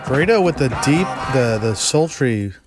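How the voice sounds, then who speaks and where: A man co-hosting a comedy podcast, easygoing and quick to laugh. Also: mid-range voice, animated, music in the background. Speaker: podcast co-host. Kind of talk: casual chat.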